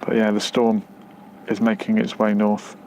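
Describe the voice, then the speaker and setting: A man's voice: on the low side, completely flat delivery, a little slow, a little mellow, slight background noise. A man hosting a casual live stream, reading out viewer comments and answering them in a rambling, hesitant way with many fillers and restarts. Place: near the outskirts of West London.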